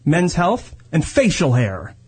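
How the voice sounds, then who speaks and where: A man's voice: a little high, wildly swooping pitch, takes it slowly, husky. A man co-hosting a comedy talk show, joking and laughing through casual banter. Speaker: radio show co-host.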